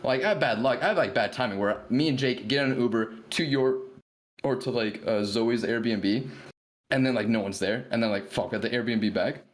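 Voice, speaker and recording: A man's voice: mid-range voice, moderate pace. A young man on a podcast, telling a long story in casual chat and rambling with lots of "like" fillers. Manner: rambling, heavy filler "like", animated retelling. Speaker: podcast regular.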